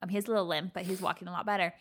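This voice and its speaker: A woman's voice: lowish voice, fairly even intonation, racing, fairly bright tone. A woman co-hosting a podcast in casual chat, teasing her friend, giggling and acting out dramatic reactions. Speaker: podcast co-host.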